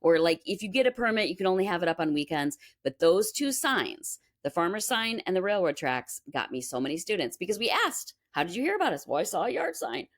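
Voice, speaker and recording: A woman's voice: on the low side, a little fast, hardly any pauses. A woman being interviewed about her music school, telling stories in a chatty way and acting out what people said. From Minnesota, US. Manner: animated, acts out quoted voices. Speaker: guest, music school owner. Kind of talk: casual storytelling interview.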